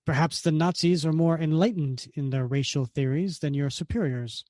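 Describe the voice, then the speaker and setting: A man's voice: fairly high pitch, moderate pace, a little mellow, no echo, close to an everyday voice. A man reading out the lines of a brash, dismissive male army colonel from a comic, in close to his own voice. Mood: mocking. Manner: read aloud from a comic, lightly acted.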